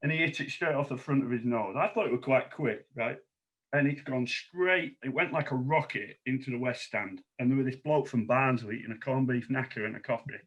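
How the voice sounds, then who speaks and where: A man's voice: medium pitch, fairly quick. Salty-tongued man spinning cricket yarns. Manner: animated storyteller, salty language, chuckles. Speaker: guest, cricket coach. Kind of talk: casual anecdote telling.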